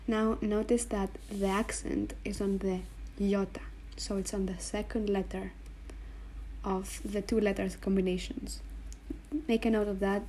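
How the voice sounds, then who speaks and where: Woman, language teacher, slow and patient, mellow tone, faint room noise behind. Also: medium pitch, little pitch movement. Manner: slow, patient, spells out sounds and repeats them. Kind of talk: explaining letters on a board.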